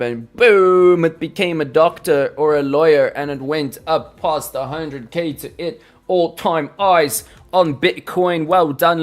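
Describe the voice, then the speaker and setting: Jokey male livestream host. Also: mid-range voice. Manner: playful, jokey, chatty with lots of fillers. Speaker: crypto trading livestream host. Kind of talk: casual live-stream chat and chart teaching. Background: faint background music.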